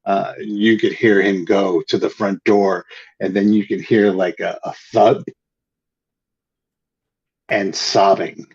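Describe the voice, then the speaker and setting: A man narrating a tabletop game as game master, in a hesitant way with frequent pauses and restarts. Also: lowish voice, steady tone, a little mellow, husky. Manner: hesitant, lots of ums and restarts. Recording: dull lo-fi recording.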